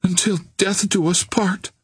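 A man reading an audiobook voices an emotional young heiress in a high, raised voice. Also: little pitch movement, a little slow, husky, exaggerated voice. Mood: tender. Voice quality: raised falsetto-like voice. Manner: earnest and emotional. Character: young woman, a wealthy heiress, tender. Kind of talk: audiobook character voice.

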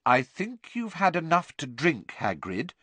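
A man's voice: fairly high pitch, wildly swooping pitch, unhurried, bright, forceful tone, husky, no room sound, voice pushed up, exaggerated voice. A man voicing an anxious, earnest and bookish teenage girl in a raised, careful voice.

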